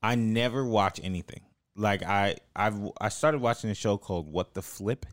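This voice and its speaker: A man's voice: lowish voice, moderate pace, no echo, clean studio sound. A man co-hosting a podcast, chatting casually with slangy quips. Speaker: podcast co-host. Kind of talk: casual chat.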